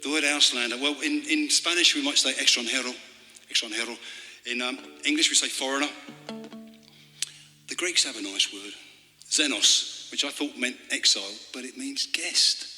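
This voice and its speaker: A man's voice: mid-range voice, pushed and bright. Wry, rambling man on a live club stage. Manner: rambling and wry, with political jokes; halting, with many fillers and restarts. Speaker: folk singer and storyteller. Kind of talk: live stage patter between songs. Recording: hall reverb with guitar playing.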